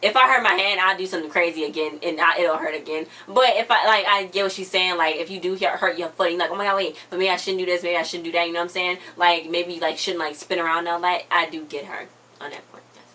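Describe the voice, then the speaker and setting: A woman's voice: lowish voice, fairly even intonation, quick pace, sharp tone, poor audio. A young woman hosting a TV episode recap in casual chat, retelling scenes in quoted voices and laughing often.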